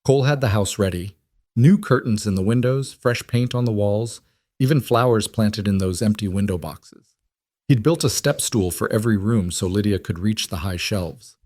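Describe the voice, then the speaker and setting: A man narrating a story in a steady, measured reading. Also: lowish voice, dry recording, studio quality.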